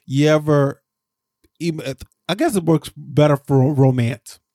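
A man co-hosting a podcast, rambling through a casual recap and jumping up in pitch when he gets exasperated. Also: unhurried, dark tone, no room sound, clean studio sound. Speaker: podcast co-host.

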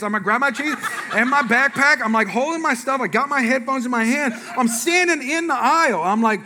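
A pastor preaches in an extremely high-pitched voice, a little fast, with the sound of a big room around him. He animatedly tells his congregation a funny personal story, acting out what people said and asking the audience questions.

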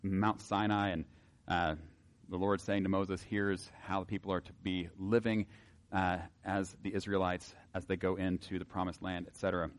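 A man with a somewhat low voice teaches from the Bible to a gathered group. He talks loosely and wryly, with frequent fillers, and slips into reading verses aloud. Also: level tone, normal speed. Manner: casual, wry, many filler words, reads scripture aloud.

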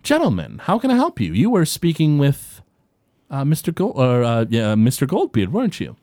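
A man's voice: medium pitch, wildly swooping pitch, moderate pace, mellow, dry recording, clean studio sound. A man voicing a courteous human man who speaks politely with small hesitations. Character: polite, civil human man among priests.

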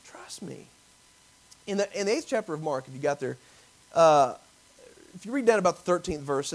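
A man preaching a sermon, acting out biblical voices and swinging from loud emphasis to near whispers. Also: fairly high pitch, low-quality recording. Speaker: pastor.

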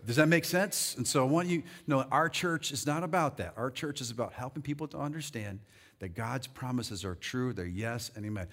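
A male pastor preaching a sermon, rallying the congregation and reading scripture slowly and deliberately. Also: medium pitch. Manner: animated, rallies the crowd with "come on".

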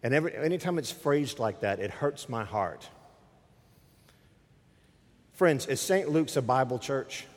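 A middle-aged male pastor preaching into a microphone, with a voice of ordinary pitch for a man. He makes emphatic, conversational appeals straight to his congregation. A long reverb trails off the church walls behind him. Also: expressive, unhurried, pauses often. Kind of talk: sermon. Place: church sanctuary.

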